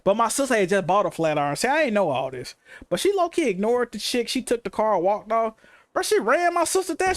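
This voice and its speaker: A man, chatting casually on a game livestream, telling animated, profane stories full of slang. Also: very high voice, fast talker. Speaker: game streamer.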